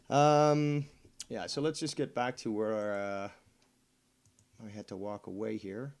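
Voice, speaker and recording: A man's voice: lowish voice, fairly even intonation, takes it slowly, long pauses, a little mellow. A man casually commenting on a livestream, mocking someone and hesitating with fillers and restarts. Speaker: streamer commenting on clips.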